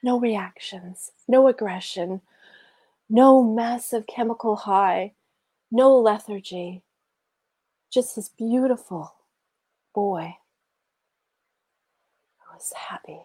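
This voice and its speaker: A middle-aged Australian woman recounts a personal healing story with animated, emotional expression, now and then sinking into a near whisper. Her voice is mellow and soft-toned. The sound is close and dry, with no room around it. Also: mid-range voice, slow, pauses often, breathy edge, no room sound. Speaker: guest sharing a healing story.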